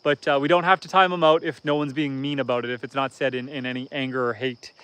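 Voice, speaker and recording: A man's voice: medium pitch, level tone, fast, a bit bright, clear, resonant tone, dry recording. A Canadian man in his thirties, hosting a casual homesteading livestream outdoors and chatting in an easygoing, rambling way. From northern Canada. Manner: easygoing and rambling, reads viewer comments aloud.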